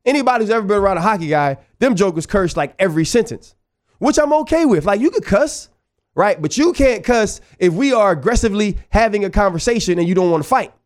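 A man from New Orleans with a New Orleans accent, hosting a show and telling a long story in a casual, animated, digressive way, often checking in with "right?". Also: sits high, quick pace. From New Orleans, USA. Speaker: podcast host.

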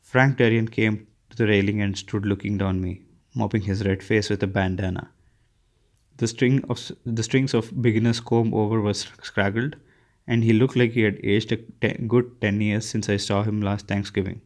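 A man's voice: lowish voice, steady tone, normal speed. A man reading a first-person novel aloud, unpolished, often stumbling and restarting words. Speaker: audiobook reader.

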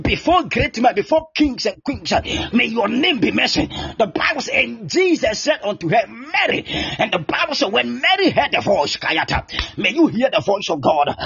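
A man preaching in a high, lively voice. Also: vocal fry, husky, no echo. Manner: impassioned, repetitive declarations with shouted peaks. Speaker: pastor. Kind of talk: fervent sermon and prayer on an online prayer line. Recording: dull lo-fi sound with faint music.

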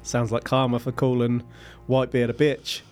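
A man's voice: medium pitch, completely flat delivery, normal speed, faint music behind. A man telling a sea story to his co-host in a casual, wry way, with playful asides and laughs.

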